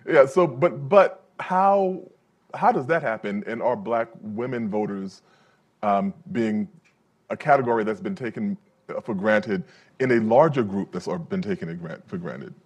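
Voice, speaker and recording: A man moderating a live public event, asking questions haltingly and with many fillers. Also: lowish voice, lively intonation, husky. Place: event room with live audience.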